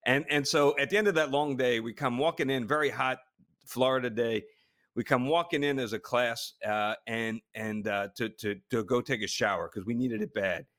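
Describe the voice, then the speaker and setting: A man's voice: medium pitch, normal speed. Guy on a podcast telling funny stories, laughs a lot, trips over words. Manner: animated storytelling, laughing a lot, many restarts. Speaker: podcast co-host, former astronaut. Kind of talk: casual chat.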